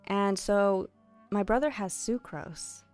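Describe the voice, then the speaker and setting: A woman's voice: medium pitch, slow pace, a little mellow, smooth, soft background music. A young woman streamer chatting casually and giggling as she tells stories while gaming.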